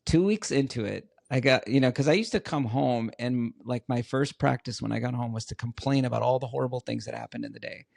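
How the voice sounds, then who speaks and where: A middle-aged man talks as a podcast guest, with a gravelly, creaky edge to his voice. He tells his stories earnestly and repeats words for emphasis. The sound is dry and close. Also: mid-range voice, fairly quick, hardly any pauses, a little mellow, no room sound. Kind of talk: casual interview chat.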